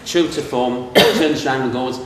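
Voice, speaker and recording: Heard from a distance in an echoing castle reception hall with room noise, an English best man in middle age gives his comic speech from memory. His mid-range voice is unhurried and fairly even in intonation, and he impersonates the people in the anecdotes he tells.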